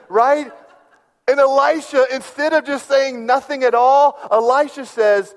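A man preaching a sermon, telling stories and swinging from hushed tones to loud bursts. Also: extremely high pitch, steady tone, measured pace. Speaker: pastor. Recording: long hall reverb.

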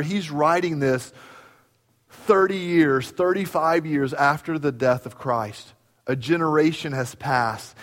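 Male pastor, sermon, storyteller, somewhat high pitch, reverberant sanctuary. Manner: storytelling, animated, swinging from quiet to loud. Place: church sanctuary.

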